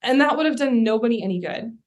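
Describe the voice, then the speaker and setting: A woman's voice: fairly high pitch, lively intonation, quick pace. A young adult woman hosting her own podcast, talking casually and candidly, often acting out her own thoughts as quoted asides. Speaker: podcast host, life coach. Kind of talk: casual solo podcast talk.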